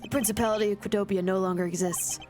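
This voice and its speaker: A woman's voice: mid-range voice, fairly even intonation, quick pace, darkish tone, natural voice. Smug older man villain read by a woman, condescending, music behind. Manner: condescending, calls his accuser boy. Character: smug arrogant older male ambassador villain. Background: game music.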